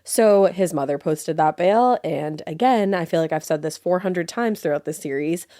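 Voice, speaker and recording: A woman's voice: lowish voice, normal speed, warm tone, dry recording, clean studio sound. A woman co-hosting a true-crime podcast, chatting casually and swearing with a wry edge. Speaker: podcast co-host.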